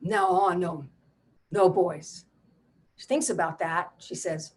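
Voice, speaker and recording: An older woman, a playwright and solo performer, telling a family story on stage in a wry, animated, conversational way. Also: lowish voice, slow, pauses often, breathy edge.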